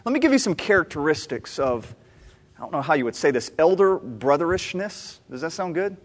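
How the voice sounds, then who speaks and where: A preacher from the American South delivers a sermon with a fairly high, expressive voice. He retells the story animatedly, repeating key phrases. The sound carries a long reverb from a big church sanctuary. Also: brisk. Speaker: pastor. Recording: long reverb of a large hall.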